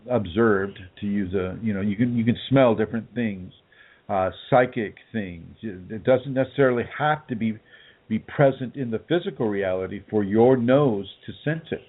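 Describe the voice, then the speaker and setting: A man with a low voice answers listener questions as a spiritual teacher. He talks haltingly, stopping and restarting around many fillers. He comes through a tinny, phone-like line. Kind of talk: casual radio broadcast talk.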